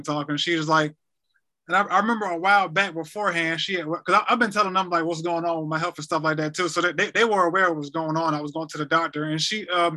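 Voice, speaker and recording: Guy around thirty, high pitched and super bright, stumbling storyteller on a podcast. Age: 30s. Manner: halting, repeats words, retells quotes. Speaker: podcast guest. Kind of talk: emotional personal story.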